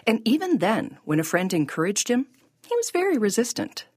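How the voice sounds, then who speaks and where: A woman narrating a podcast in a measured, scripted storytelling voice. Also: on the high side, big pitch swings, a little mellow, slightly rough, no echo, studio quality.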